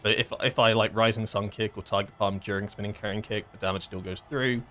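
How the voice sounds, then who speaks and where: Man, low voice, casual streamer talk, lots of ums and restarts, faint hiss. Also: steady tone, fairly quick, sharp tone. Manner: rambling, filler-heavy, explains game mechanics. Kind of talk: casual gameplay commentary.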